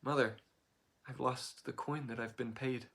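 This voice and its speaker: A man voicing a simple-minded young man, eager and proud, calling out in a high excited voice. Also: unhurried. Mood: dejected.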